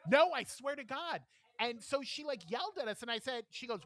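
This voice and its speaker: A man co-hosting a podcast, telling stories with lively acted-out quotes and frequent laughs. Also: very high-pitched, fairly quick. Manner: animated storyteller, acts out quotes, laughs often. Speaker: podcast co-host. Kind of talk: casual chat, storytelling.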